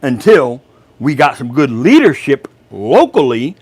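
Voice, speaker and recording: Salty man, slow and lively. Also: mid-range voice, breathy edge. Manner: salty, swears freely, laughs loudly at his own jokes. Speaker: host of a live chat. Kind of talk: casual livestream chat reading comments.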